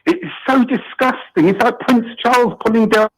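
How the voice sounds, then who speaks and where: A man's voice: extremely high pitch, normal speed, background noise. A middle-aged British man calling in to a talk show, indignant and rambling, with many restarts. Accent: British English. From Britain. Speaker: caller. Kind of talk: phone-in call.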